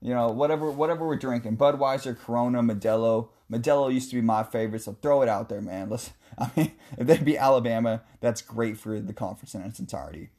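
Chatty man with a mellow voice. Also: mid-range voice, fast talker, hardly any pauses. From West Coast of the US. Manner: chatty, joking, animated asides. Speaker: sports podcast host answering listener questions. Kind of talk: casual sports talk.

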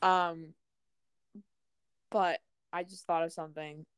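A young woman with a lowish voice chats casually about favorite lines, dropping "um" between thoughts. The sound is dry and close, with no room around it. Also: takes it slowly, clean tone, no echo. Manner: relaxed, fond, many "um"s. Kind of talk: casual chat.

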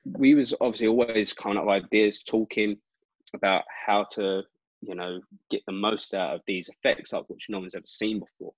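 Low-voiced British man, animated storyteller. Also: normal speed, no room sound. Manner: animated, lots of "like" fillers. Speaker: guest magician. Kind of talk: casual storytelling chat. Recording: dull dry lo-fi sound.

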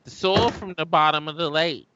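A man's voice: a little high, normal speed, background noise. A man co-hosting a casual movie commentary chat, blunt, profane and scoffing, on slightly dull lo-fi audio. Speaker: podcast co-host.

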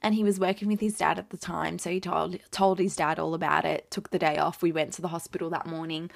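A woman's voice: lowish voice, creaky, fairly bright tone, no room sound, clean studio sound. A young woman, telling a personal story in a chatty, blunt way, full of "like". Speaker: vlogger host. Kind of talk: casual storytime chat.

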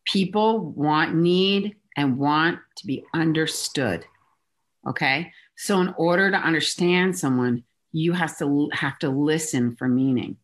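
A woman's voice: deep voice, measured pace. A woman executive coach being interviewed, explaining her points emphatically and acting out little examples. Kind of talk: conversational interview.

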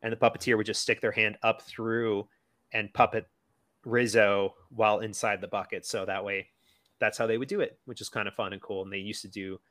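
This co-host speaks a little fast in a fairly low, fairly flat voice with a fairly bright tone, recorded dry. He rambles casually about a movie on the podcast, using lots of fillers and playful asides and doing silly voices when quoting characters.

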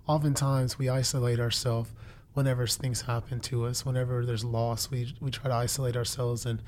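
A man's voice: medium pitch, level tone, a little fast, a little mellow, slight background noise. A man in his twenties sharing a faith testimony in conversation, earnest and preacherly, repeating phrases for emphasis. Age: 20s. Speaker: guest.

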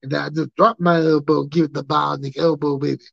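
A man's voice: a little high, little pitch movement, brisk, creaky, no echo. A man impersonating a folksy male wrestling talker with a lisp, drawling "baby" at the end of his boasts, on dull lo-fi audio. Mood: boastful. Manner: drawling "baby" at phrase ends.

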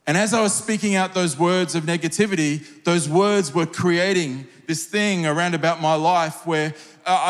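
Middle-aged male pastor, high-pitched, earnest and fervent sermon delivery, recorded with long hall reverb. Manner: earnest, personal storytelling, rising to fervent prayer. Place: large church hall.

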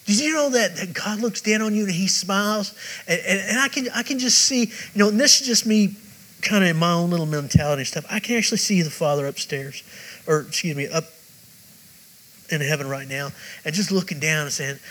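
A man's voice: high voice, fairly quick, fairly bright tone, low-quality recording. A male pastor preaching a sermon with emphatic, repetitive phrasing and direct questions to the congregation.

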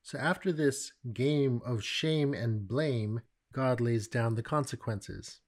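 A middle-aged man teaching from the Bible in a relaxed, conversational way, with animated storytelling. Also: medium pitch, slow pace.

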